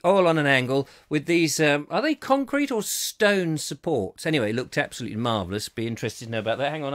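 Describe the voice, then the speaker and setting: A man's voice: a little high, sharp tone. A man hosting a comic live chat show, rambling, joking and reading out viewers' comments with theatrical emphasis. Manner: chatty, jokey, theatrical emphasis, laughs at own jokes.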